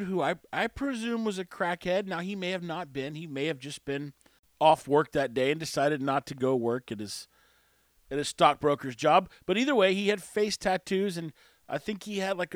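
Speaking close to the mic, this high-voiced man hosts a show and spins a meandering, self-deprecating tale with wry humor. The recording is dry, and the talk is a casual storytelling monologue.

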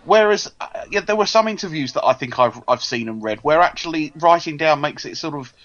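A man chatting on a podcast, his voice sitting slightly high. He talks freely and often trips over his first words. The recording sounds dull and lo-fi. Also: animated, fairly quick, a bit bright. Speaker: podcast co-host. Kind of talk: casual chat.

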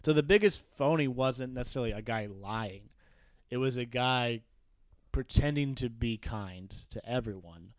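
A man in casual conversation on a book podcast, lively and eager. He keeps breaking into quoted lines in little put-on voices. His voice is mid-pitched and close, with no room sound around it. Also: normal speed, no room sound. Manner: animated, reads passages aloud and acts out quotes. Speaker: podcast co-host.

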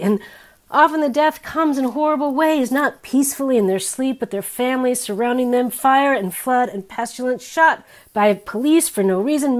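A woman in her fifties preaching a sermon in a candid, wry, conversational way, her pitch and loudness swinging widely.

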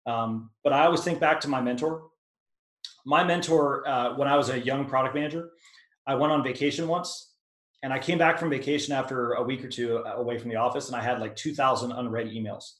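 A man's voice: medium pitch, steady tone, brisk, fairly bright tone, roomy sound, low-quality recording. A man teaching product management, answering questions casually on a video call with filler words and restarts. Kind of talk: webinar Q&A answer.

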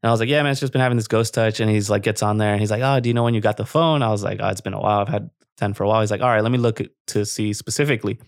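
A man's voice: on the low side, rapid-fire, few pauses, no echo, studio quality. A man casually ranting and telling a story as a podcast co-host, swearing freely and laughing often. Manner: profane, animated, laughs often.

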